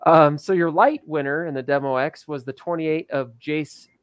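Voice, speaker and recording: A man's voice: fairly high pitch, steady tone, moderate pace, smooth, no echo. A man co-hosting a local racing show, recapping results in loose, chatty talk and laughing often. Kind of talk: casual chat.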